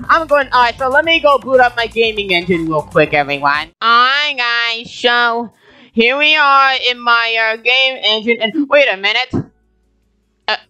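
A woman's voice: fairly high pitch, bright, forceful tone. A woman YouTuber in a comedic gaming vlog, talking in a whiny, panicky, melodramatic way and often breaking into shrieks.

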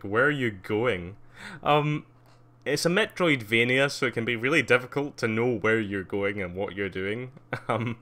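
A man giving live gameplay commentary, excitable, squealing at jumps, laughing often and chatting with viewers. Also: on the low side. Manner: excitable, squeals gleefully at jumps and mocks himself; chats with viewers while playing, laughs often. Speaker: streamer playing a video game.

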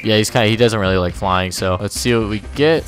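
A young man hosting a gaming channel, giving excitable, profane, self-mocking gameplay commentary. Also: fairly low pitch, quick pace, music in the background.

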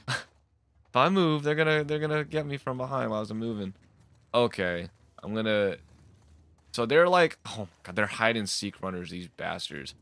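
A man's voice: on the low side, fairly bright tone, no room sound. A man giving casual commentary while playing a game, jumpy and exasperated, often swearing and laughing. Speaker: let's play gamer.

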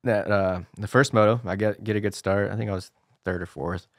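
A man in his forties tells stories at an easy pace, with a low, unhurried voice. He drifts through sentences with "you know" and casual swearing. The sound is close and dry, with no room around it. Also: steady tone, dry recording. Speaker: podcast guest, former racer. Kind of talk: casual storytelling chat.

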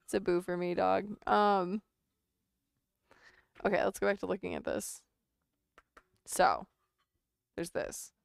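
A woman's voice: lowish voice, little pitch movement, unhurried, gravelly, long pauses, clean tone, no room sound. A woman chatting casually on a sewing livestream, laughing often and reading chat aloud.

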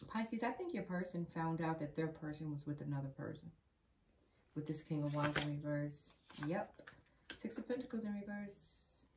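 Woman tarot reader, low-pitched, casual repetitive patter, noisy recording. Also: normal speed. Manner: chatty, repeats phrases, addresses the viewer directly. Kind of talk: casual tarot reading to camera.

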